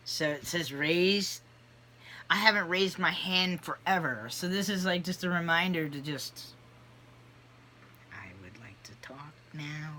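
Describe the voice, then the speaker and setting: A vlogger talking candidly in a casual personal video, rambling with many fillers and animated asides. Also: mid-range voice, slight background noise.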